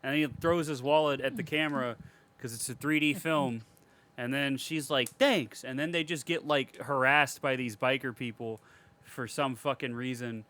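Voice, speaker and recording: A man co-hosting a podcast, recapping a movie in casual, profane chat, laughing a lot and getting loud and excited when he retells scenes. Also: medium pitch, normal speed. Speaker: podcast co-host. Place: home, cat in the room.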